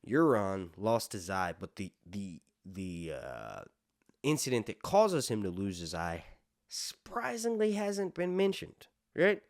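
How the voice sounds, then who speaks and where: A laid-back male podcast host with a lowish voice who rambles through his points with plenty of fillers and casual swearing. He sounds close and dry, with no room echo. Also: huge pitch swings, slow pace. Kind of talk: casual lore commentary.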